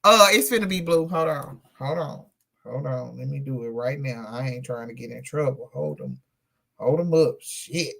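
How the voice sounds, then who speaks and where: A woman with an extremely low, creaky, slightly bright voice hosts a livestream at a moderate pace. She chats casually and bluntly, talking straight to chat and swearing freely.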